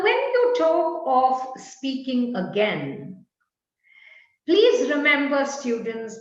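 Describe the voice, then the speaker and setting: A woman with an Indian English accent teaching pronunciation in an online workshop, speaking slowly and deliberately with example sentences. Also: on the high side, fairly bright tone. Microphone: video call. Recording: echoey, dull video-call audio.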